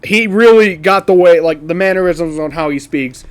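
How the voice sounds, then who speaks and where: A high-pitched man talks loosely over his own old video, with plenty of "um"s and "like"s. He laughs easily, swears without a second thought, and sounds like a casual reaction creator. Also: moderate pace. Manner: laughs often, swears casually, rambling fillers.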